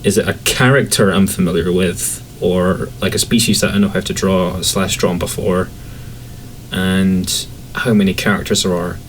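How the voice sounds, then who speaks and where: A man from Scotland with a light Scottish accent, chatting casually as a podcast guest in a relaxed, rambling way. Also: moderate pace, slight background noise, low-quality recording. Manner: relaxed, rambling, acts out quotes in a higher voice.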